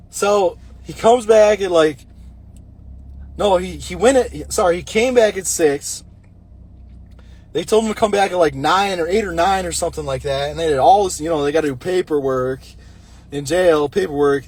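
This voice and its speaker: Husky high-voiced man rambling a story. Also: moderate pace, darkish tone. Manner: blunt, rambling, talks with nicotine pouch in mouth. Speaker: vlogger telling a personal story. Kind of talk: casual storytelling monologue.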